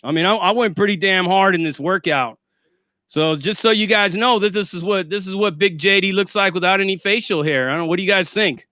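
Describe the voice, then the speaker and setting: Male streamer, sarcastic and foul-mouthed; bright, clear voice, dry close sound. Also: high-pitched, fairly quick, no room sound. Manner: profane, sarcastic and boastful. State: shaky and winded after a workout. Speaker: livestream host. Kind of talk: casual livestream rant.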